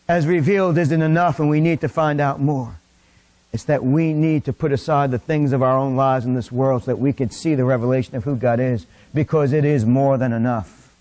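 A middle-aged man preaching a sermon in a church, impassioned, rising to near-shouts. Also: mid-range voice, moderate pace. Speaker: pastor. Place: church sanctuary.

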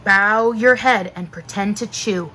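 A woman reading aloud and voicing Jack, a cautious, bookish young boy, with urgent calls and hushed warnings. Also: mid-range voice, measured pace.

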